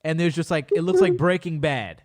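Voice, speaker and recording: Young guy podcast host, voice a bit high, ranting and joking, swears a lot, big dramatic storytelling. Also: brisk, a little hiss or hum. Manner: animated, swearing, exaggerated storytelling with mock-serious rants. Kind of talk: casual chat.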